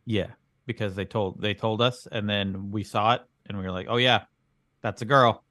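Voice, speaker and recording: A man's voice: fairly low pitch, steady tone, moderate pace, pushed and bright, no room sound, studio quality. A man co-hosting a comedy podcast as the bemused straight man, questioning his partner's absurd claims in improvised banter. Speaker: podcast co-host.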